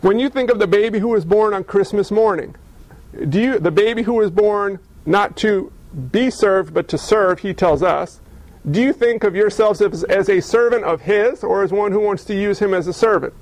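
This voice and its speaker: Male pastor, high gravelly voice, dry close mic; conversational storytelling sermon. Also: normal speed, a little mellow, no room sound, low-quality recording. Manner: storytelling, conversational, rhetorical questions.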